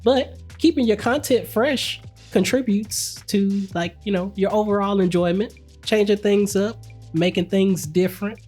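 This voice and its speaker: A woman co-hosting a podcast in casual chat, relaxed and opinionated, with "like" dropped in often. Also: mid-range voice, a little slow, slightly rough, faint music behind. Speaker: podcast co-host. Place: home recording setup.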